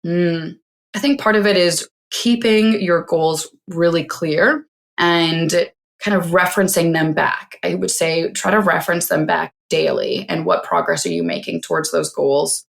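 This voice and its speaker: A woman in her forties with a very low, gravelly voice full of vocal fry speaks as a podcast guest. She gives practical advice in a reflective, casual way, with many fillers. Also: steady tone, a little slow. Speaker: tech CEO guest. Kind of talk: casual interview chat.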